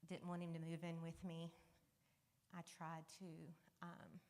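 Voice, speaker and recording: A woman speaks candidly to a congregation, telling her own story in a conversational way. Her voice sits on the low side, and at hard moments it sinks almost to a whisper. The church hall adds a long, ringing reverb. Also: monotone, unhurried, darkish tone. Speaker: guest speaker sharing a testimony. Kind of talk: personal testimony to a congregation. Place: church sanctuary.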